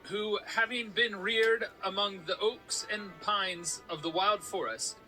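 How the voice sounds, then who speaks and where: A man voicing a pompous old-time man who reads a formal proclamation slowly and grandly, in a put-on Canadian accent. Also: sits high, fairly even intonation, sharp tone, soft background music, voice pushed up, exaggerated voice, rough recording. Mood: grandiloquent. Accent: put-on Canadian attempt. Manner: slow, stately, exaggerated reading.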